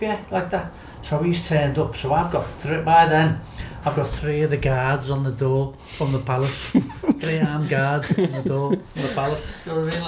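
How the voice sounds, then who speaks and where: Animated Scouse man telling a story. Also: a little high, echoey room, rough recording. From Liverpool, England. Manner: animated, laughs often, acts out quotes, swears freely. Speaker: guest storyteller. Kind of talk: casual anecdote telling.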